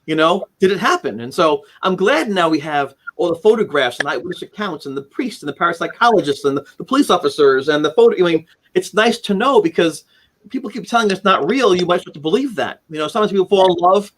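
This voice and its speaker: The high-pitched, slightly bright voice belongs to a man in his forties, the author of a haunting memoir, guesting on a casual live-stream interview. He talks at a quick, expressive pace, telling his story earnestly yet ramblingly and often starting over. He's indoors at home on a video call, surrounded by keepsakes.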